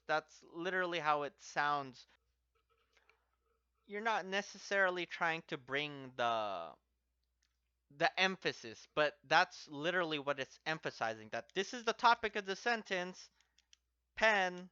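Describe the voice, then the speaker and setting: A man's voice: a little high, expressive, a little slow, bright, forceful tone, clear, resonant tone, no echo. A man teaching a language lesson step by step, patiently repeating each example word twice as he explains. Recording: dry, slightly dull lo-fi recording.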